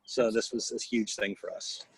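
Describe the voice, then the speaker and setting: Husky middle-aged man telling stories. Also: on the low side, flat delivery, moderate pace, dry recording, low-quality recording. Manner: rambling storyteller with many restarts, laughs often. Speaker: guest voice actor. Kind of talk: casual anecdotal interview.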